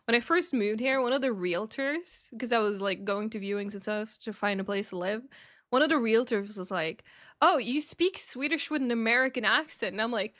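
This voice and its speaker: A woman's voice: mid-range voice, brisk. A woman from Norway chatting casually with friends while streaming a game, laughing often. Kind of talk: casual chat while gaming.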